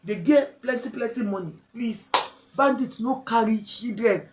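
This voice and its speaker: A woman with a Nigerian accent giving emotional video commentary, pleading and at times shouting. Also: fairly high pitch, measured pace, heavy background noise. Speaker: online commentator.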